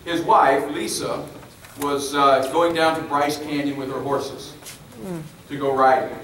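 A man's voice: fairly high pitch, flat delivery, a little slow, a bit bright. A man giving an emphatic public speech to a crowd, repeating his key phrases. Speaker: speaker at a public meeting. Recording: echoey hall from far off, faint noise.

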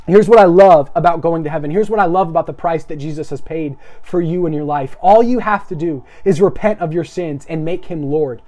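A young man preaching an energetic live-streamed sermon, asking viewers to repeat phrases after him. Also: high-pitched.

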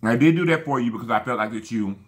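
A man's voice: mid-range voice, quick pace, slight background noise. A man chatting casually to camera while eating, effusive and rambling, thanking his viewers again and again. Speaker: mukbang vlogger.

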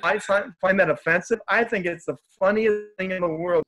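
A man's voice: high-pitched, moderate pace, fairly bright tone. A man who is a guest speaker, telling stories in a casual, upbeat and joking way. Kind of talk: casual storytelling in conversation.

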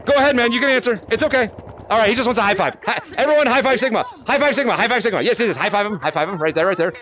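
A man hosting a live-streamed VR game chat, excitable, calling out names and laughing often, on a headset mic. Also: sits high, rapid-fire, a little hiss or hum. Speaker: gaming streamer and host.

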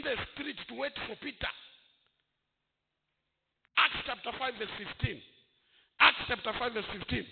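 A man, preaching a sermon as pastor, breaking into shouted bursts and chuckles. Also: extremely high pitch, measured pace, vocal fry, pauses often, over music. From Zambia.

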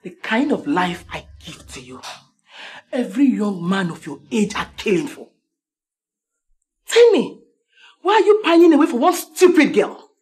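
An actress with a Nigerian accent playing a domineering, controlling mother who barks orders and shouts. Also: medium pitch, sing-song, unhurried, long pauses. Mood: furious. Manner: commanding, shouting.

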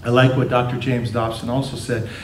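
A man's voice: medium pitch, level tone, a little fast, slight background noise. A middle-aged man preaching a sermon to his congregation, telling family stories with playful asides and acting out voices. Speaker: pastor. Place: church sanctuary. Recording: roomy church sound from a distance.

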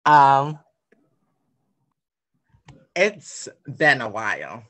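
Teen boy, student actor, slow hesitant talk, fillers, video call. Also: mid-range voice, very animated, a bit bright. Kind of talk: hesitant meeting reply.

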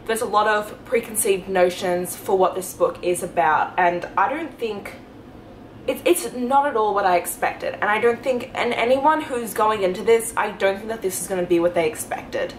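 A young woman talking casually in a reading vlog at home, excited and rambling, gushing with lots of fillers. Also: mid-range voice, normal speed, a little hiss or hum, low-quality recording. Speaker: book vlogger.

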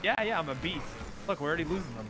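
A man's voice: fairly high pitch, expressive, racing, noisy background. A man in casual game role-play, talking in a brash, boastful way and swearing a lot.

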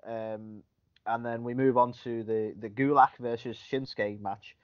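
A man's voice: mid-range voice, little pitch movement, measured pace. A man co-hosting a podcast, chatting casually about wrestling in a rambling, griping way. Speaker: podcast co-host. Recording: dull lo-fi podcast audio.

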